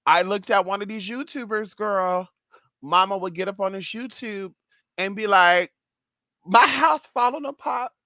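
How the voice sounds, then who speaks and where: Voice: medium pitch, steady tone, normal speed, no echo, lo-fi sound. A vlog host talking casually and sassily, swearing freely and calling viewers "girl" and "honey". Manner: sassy, profane, chatty, calls viewers girl and honey. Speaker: channel host.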